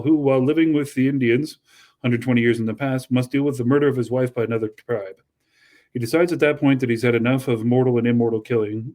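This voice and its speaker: Man co-host of mid pitch, reads magazine text steadily, breaks into casual chat. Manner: steady reading with casual asides. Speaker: podcast co-host. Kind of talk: reading a magazine article aloud and chatting.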